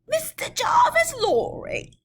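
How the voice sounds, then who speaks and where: A hoarse messenger calls out from far off, straining and urgent, as a woman narrating puts him on. The voice jumps well above the reader's own. A faint hiss lies underneath. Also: extremely high pitch, huge pitch swings, slow pace, a bit bright, pitched above the performer's own voice, heavily acted. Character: hoarse male messenger calling from the mist.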